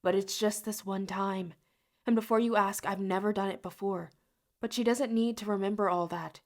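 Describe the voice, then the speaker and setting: A woman's voice: mid-range voice, fairly even intonation, moderate pace, lightly acted. A woman voicing a soothing, coaxing older sister in an audiobook. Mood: defensive.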